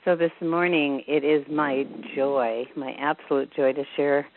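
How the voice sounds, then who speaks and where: Deep-voiced woman host, gushing intro, tinny phone sound. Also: steady tone, a little hiss or hum. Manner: gushing, warm praise in slow measured phrases. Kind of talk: phone interview.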